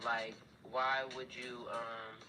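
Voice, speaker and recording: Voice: mid-range voice, flat delivery, slow, rough recording. A tarot reader giving a casual, blunt reading to viewers, swearing freely, laughing, and getting heated as the cards turn up. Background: background music.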